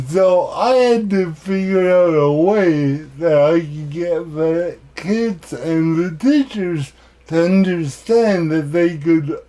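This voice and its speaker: A man giving a keynote talk, telling personal stories in a deliberate way with self-deprecating humor. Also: on the high side, warm tone. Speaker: keynote speaker.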